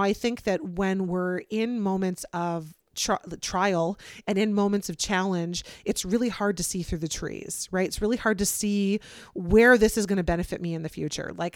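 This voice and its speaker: A woman's voice: medium pitch, no room sound, clean studio sound. A woman hosting a solo podcast, talking openly and without filter in a conversational way with frequent fillers. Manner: open, unfiltered, conversational with many fillers. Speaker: podcast host. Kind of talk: candid solo podcast monologue.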